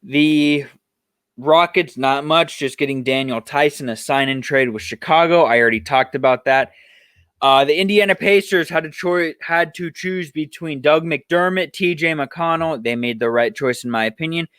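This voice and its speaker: Casting note: young male podcast host, slightly high voice, dry close mic, heated profane ranting. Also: normal speed, a bit bright, clear, resonant tone, no room sound. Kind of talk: solo sports podcast rant and roundup.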